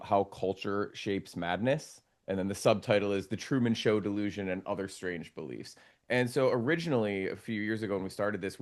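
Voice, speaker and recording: A man being interviewed as a documentary filmmaker, answering in a relaxed, rambling way with restarts. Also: lowish voice.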